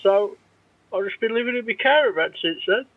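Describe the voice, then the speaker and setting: A man putting on a gravelly, deadpan caller. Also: high voice, a little fast, no room sound, narrow, tinny audio. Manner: blunt, deadpan, mumbled answers. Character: crude laddish British male caller, deadpan. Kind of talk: comedy phone-in bit.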